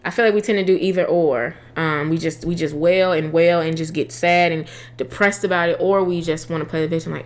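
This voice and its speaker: A woman's voice: lowish voice, steady tone, a little fast, hardly any pauses. A young adult woman sharing faith advice in a casual, earnest way, with slangy phrasing and frequent restarts.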